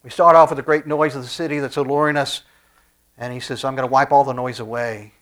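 A man's voice: mid-range voice, steady tone, fast. Man preaching a conversational sermon. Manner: conversational preaching with frequent restarts and soft asides. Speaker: pastor.

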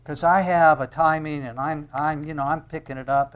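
Impassioned male preacher, loud to hushed. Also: on the high side, fairly even intonation, normal speed, few pauses, clear, resonant tone. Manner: swings between loud emphatic shouting and hushed tender lines; asks the audience rhetorical questions. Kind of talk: sermon.

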